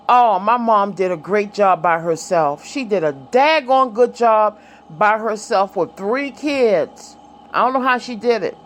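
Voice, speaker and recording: A middle-aged woman vlogging in a casual, chatty way, telling stories, laughing often and talking to her viewers and a child. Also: a little high. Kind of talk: casual chat, reminiscing.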